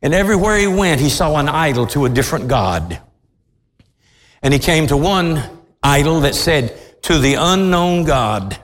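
A man preaching a sermon as pastor of his church, impassioned, swinging from low intensity to loud outbursts. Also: very animated, normal speed, long reverb tail. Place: large church hall.

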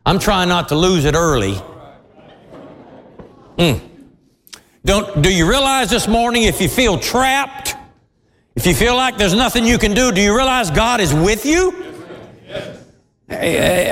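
A man preaching a sermon as pastor, dramatic and storytelling, bursting into shouts now and then. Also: high-pitched, very animated, a little slow, pauses often. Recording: long hall reverb.

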